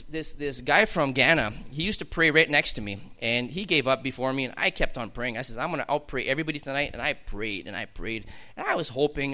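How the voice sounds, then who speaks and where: A man's voice: medium pitch, pushed and bright. A man telling his personal testimony to a congregation in an emphatic, storytelling way that builds to fervent outbursts. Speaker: testimony speaker.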